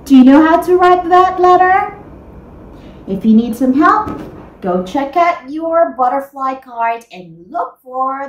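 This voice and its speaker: A woman teaching young children to write, talking slowly and patiently in a sing-song teacher voice and stretching words out. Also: sits high, expressive, reverberant, a little hiss or hum, low-quality recording. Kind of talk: guided writing lesson for young children.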